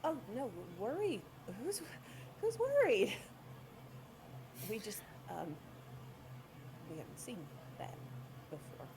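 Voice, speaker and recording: Woman player, very animated pitch, chatty, with audible hiss in the background. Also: takes it slowly, pauses often. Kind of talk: casual role-play chat.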